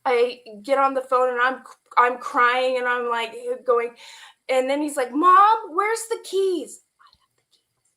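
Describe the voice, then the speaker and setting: A woman telling an emotional personal story as a guest, animated and quoting the people in it, laughing at times and close to tears. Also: high-pitched, a little slow. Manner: animated retelling with quoted dialogue, laughing and near tears. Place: online stream.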